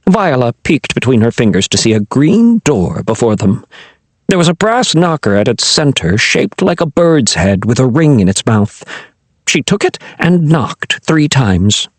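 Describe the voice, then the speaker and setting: Man, audiobook narrator, expressive storytelling, lively pitch, dry close sound. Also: unhurried, no room sound. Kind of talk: scripted narration.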